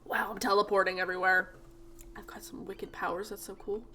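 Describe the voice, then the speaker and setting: A woman's voice: medium pitch, level tone, brisk, pushed and bright. A woman hosting a game playthrough, chatting casually in a bubbly, giggly way. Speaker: gaming channel host. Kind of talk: casual gameplay commentary.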